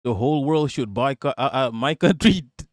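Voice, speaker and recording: A man's voice: medium pitch, no echo, clean studio sound. A man hosting a live stream, reacting to news clips with profane, laughing rants. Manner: ranting, profane, quick to laugh. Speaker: livestream host.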